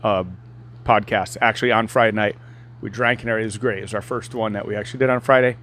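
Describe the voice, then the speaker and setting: A man's voice: on the low side, fairly even intonation, fast, a bit bright, a little hiss or hum. A man co-hosting a fitness podcast in casual chat, full of teasing wisecracks. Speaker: podcast co-host.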